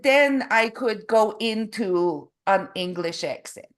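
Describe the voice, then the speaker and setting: A woman interviewing in casual talk, with aphasia, halting and searching for her words. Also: medium pitch, lively intonation. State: has aphasia. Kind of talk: casual conversation.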